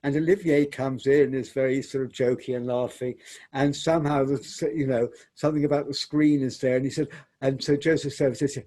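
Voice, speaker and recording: A man's voice: medium pitch, a little fast, warm tone. An older man, a theatre director, reminiscing in an interview as a reflective storyteller who repeats and restarts words.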